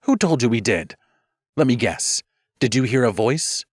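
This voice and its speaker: A man's voice: medium pitch, animated, a little slow, dry recording, clean studio sound, pitched above the performer's own voice. A man voicing a bitter female mage of music who needles sweetly and snaps back. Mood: indignant. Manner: sweetly barbed, snapping.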